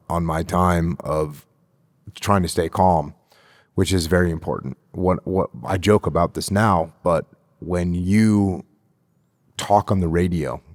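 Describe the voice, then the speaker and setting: Deep-voiced, emphatic middle-aged man. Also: a little mellow, no room sound, clean studio sound. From United States. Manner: emphatic, repeats key phrases for stress. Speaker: guest, retired military officer. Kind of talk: podcast interview.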